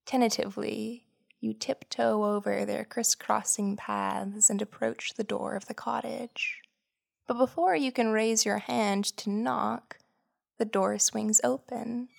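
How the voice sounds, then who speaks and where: A woman hosting a podcast, giving scripted, measured narration that explains ideas and tells a story. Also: fairly high pitch, fairly even intonation, creaky.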